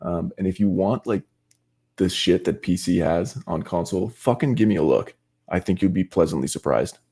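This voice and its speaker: A man's voice: low voice, normal speed, warm tone, breathy edge. A man from the United States, a podcast guest, talking in an earnest, laid-back way. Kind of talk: casual interview chat.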